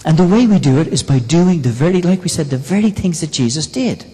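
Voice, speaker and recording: A man's voice: a little high, expressive, brisk, mellow. A man preaching a sermon in a conversational way, often asking the congregation questions. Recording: long reverb in a church hall.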